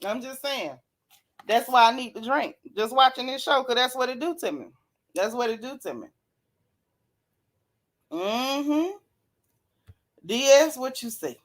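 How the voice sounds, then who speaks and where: A woman hosting a casual live-stream recap, reading viewer comments and talking with sassy, animated flair, often yawning and laughing. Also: high-pitched, unhurried, pauses often. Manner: sassy, animated, Southern Black vernacular gossip. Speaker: reality TV recap host reading live chat.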